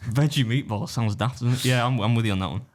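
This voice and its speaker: A man's voice: mid-range voice, fast talker. A man co-hosting a casual podcast. He rambles, interrupts himself and jokes dryly. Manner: rambling, self-interrupting, dry humour. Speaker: podcast co-host.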